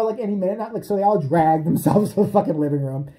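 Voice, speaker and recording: A man's voice: high-pitched, fast talker, hardly any pauses, dark tone, a little hiss or hum. A man in a casual comedic rant who swears a lot, laughs often, and keeps jumping into voices. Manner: profane, laughing, jumps into voices. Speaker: vlogger.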